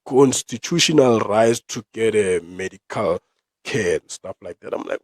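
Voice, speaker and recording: A man's voice: medium pitch, expressive, normal speed, no room sound. Young South African male podcaster, ranting and profane, dry close mic. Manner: ranting, profane, with sudden loud outbursts. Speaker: podcast host. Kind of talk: opinion commentary podcast.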